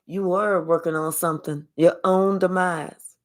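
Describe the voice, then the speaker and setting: A woman's voice: on the low side, steady tone, measured pace. A woman giving a spiritual reading as a blunt, sassy storytelling monologue full of slang. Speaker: spiritual reader.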